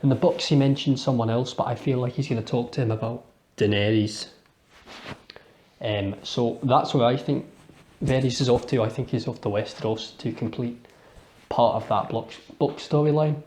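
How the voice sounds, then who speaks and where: A man's voice: medium pitch, moderate pace, a little mellow. A young man with a Scottish accent, reviewing a TV episode in a chatty, rambling live commentary with restarts and small laughs.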